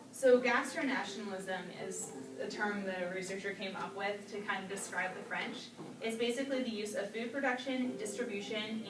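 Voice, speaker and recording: A young woman giving a casual class presentation, with many fillers. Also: mid-range voice. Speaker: student presenter. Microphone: far camera. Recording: echoey room from far off, noisy.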